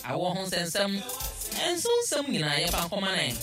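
A woman's voice: fairly low pitch, sing-song, a little fast, music in the background. A woman hosting a call-in radio show, chatting in a sing-song way and reading out phone numbers. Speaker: radio host. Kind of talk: call-in radio chat and ads.

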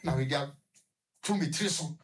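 Husky Ghanaian man telling his story. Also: fairly high pitch. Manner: halting, rambling, many fillers and restarts. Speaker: guest recounting his experience. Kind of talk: personal story on a radio talk show, code-switching.

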